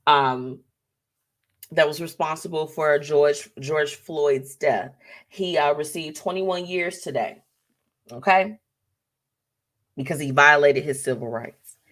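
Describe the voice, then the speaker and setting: Woman, live show host, casual chat, frequent laughter, slangy, animated pitch swings.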